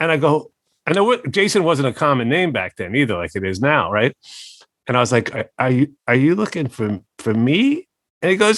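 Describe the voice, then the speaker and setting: A man, a record executive, telling a profane, animated story in a casual interview, acting out the quotes. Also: mid-range voice, a little fast, dry recording.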